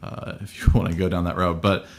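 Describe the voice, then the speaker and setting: Man, pastor, very low voice, reflective conversational delivery. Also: flat delivery, fairly quick. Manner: thoughtful, searching for words. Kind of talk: casual podcast conversation.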